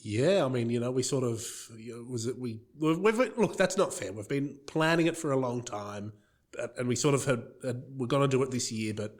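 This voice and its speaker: An Australian man talks as a podcast guest, loose and rambling, full of restarts. His voice sits at a middling pitch. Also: a little fast. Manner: rambling, many fillers and restarts. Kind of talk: casual chat.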